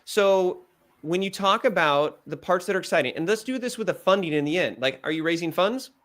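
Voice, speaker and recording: A man giving direct, animated feedback as a pitch coach, acting out examples as he goes. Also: brisk.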